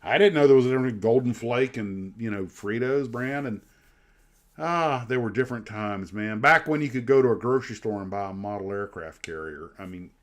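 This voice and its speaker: A man's voice: medium pitch, a little fast. A middle-aged man from the United States hosting a livestream, telling rambling nostalgic stories full of asides. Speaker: livestream host. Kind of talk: casual chat.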